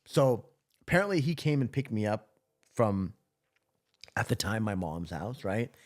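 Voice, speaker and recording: A man recounting a past drinking episode as an interview guest, profane and rambling, laughing through dark moments. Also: on the low side, very animated, measured pace. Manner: profane, rambling, many restarts. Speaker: podcast guest. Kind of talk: casual storytelling interview.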